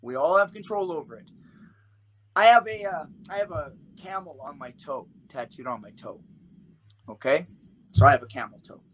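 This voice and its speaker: A middle-aged man telling stories as a podcast guest, emphatic and freely swearing, in a casual, animated way. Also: fairly high pitch, moderate pace, long pauses, low-quality recording. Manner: emphatic, profane, animated storyteller. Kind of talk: casual storytelling chat.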